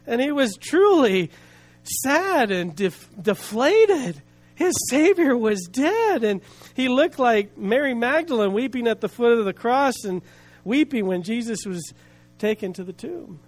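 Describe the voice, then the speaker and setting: A man's voice: very high voice, big pitch swings, measured pace, darkish tone, no room sound. A male pastor preaching a sermon, telling a story with rising emotion and building rhythmic repeated phrases. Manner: storytelling with swelling emotion, voicing quoted people.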